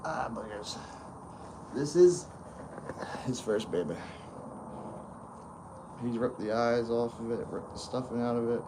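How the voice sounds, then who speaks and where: A man's voice: medium pitch, measured pace, pauses often, noisy background. A man hosting a casual livestream chat with a friend, talking in a loose, rambling way and laughing easily. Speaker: host.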